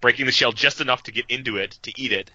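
A man co-hosting a casual podcast chat, explaining things in a relaxed way. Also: mid-range voice, very fast, no echo, dull audio. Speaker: podcast co-host.

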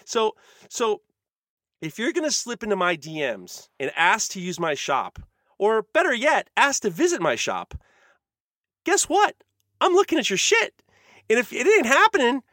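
A man's voice: high voice, very animated, moderate pace, bright, forceful tone, no room sound, clean studio sound. A man hosting a casual podcast chat, ranting in a heated, profane way. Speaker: podcast host.

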